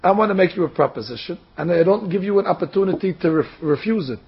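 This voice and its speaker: A man's voice: high voice, expressive, quick pace, gravelly, breathy edge, heavily acted. A man voicing an old king who presses a humble farmer to marry his daughter, persuasive and insistent. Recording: dull lo-fi recording.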